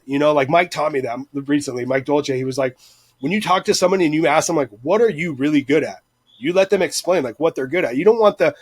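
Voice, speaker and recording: A man's voice: fairly high pitch, fast talker, husky, dry recording. A man talking in a casual podcast chat, profane and rambling, with bursts of intensity.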